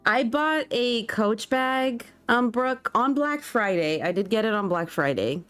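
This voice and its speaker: A woman's voice: fairly high pitch, animated, a little slow, fairly bright tone, clean tone, no echo. A young woman streaming and chatting casually with her viewers. She reacts to chat and laughs often.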